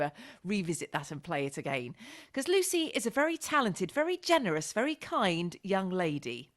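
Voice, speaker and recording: A woman presenting a live local radio show, interviewing guests in an encouraging, animated way. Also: mid-range voice.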